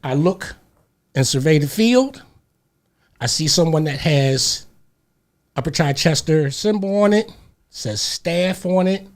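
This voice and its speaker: A man hosting a radio talk show, telling a story in an animated, slangy, emphatic way and repeating words as he gets heated. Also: on the high side, slow, pauses often.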